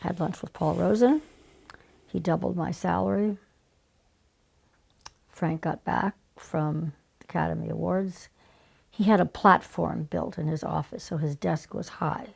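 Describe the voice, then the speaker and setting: An older woman telling stories as an interview guest, animated and conversational. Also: lowish voice, a little slow, gravelly, pauses often, husky. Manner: animated, conversational, acts out remembered exchanges. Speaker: guest, former casting director. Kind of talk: storytelling in conversation.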